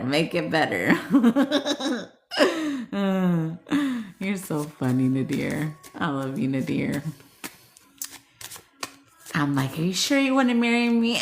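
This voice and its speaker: A woman's voice: deep voice, a bit bright, a little hiss or hum. A young woman chatting casually with her viewers, playful, swearing freely and laughing often. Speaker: vlogger reading cards and chatting with viewers. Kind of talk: casual chat.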